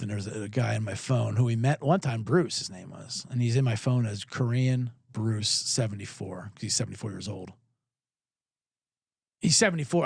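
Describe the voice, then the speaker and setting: A man hosting a sports podcast, telling a comedic rant, profane and animated, acting out both sides of an argument. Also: mid-range voice, vocal fry, slightly rough, no echo, clean studio sound.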